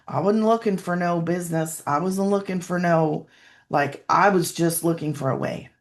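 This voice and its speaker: A woman speaking with earnest feeling, her voice sitting at a mid pitch. She tells her story with restarts and fillers and sometimes comes close to tears. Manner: earnest, tearful at times, lots of fillers and restarts. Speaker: guest sharing her story. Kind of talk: emotional personal testimony.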